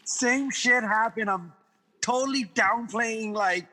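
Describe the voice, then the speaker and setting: A man's voice: high voice, slow, long reverb tail, low-quality recording. A man from Guam, a podcast guest, telling stories in casual chat with lots of laughter and swearing. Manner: animated, laughing, swearing storyteller.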